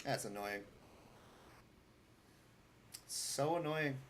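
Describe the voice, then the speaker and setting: A man's voice: mid-range voice, drawn-out words, a bit bright, slight background noise. A man speedrunning a game live, giving muttered, wry running commentary to himself.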